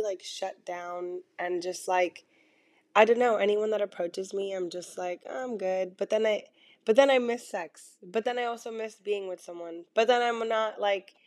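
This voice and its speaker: A young woman hosting a solo podcast from bed, rambling casually with lots of fillers and swearing, her voice hoarse from being sick. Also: mid-range voice, a little mellow, no echo, studio quality. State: hoarse, lost voice from illness. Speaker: podcast host. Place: in bed at home.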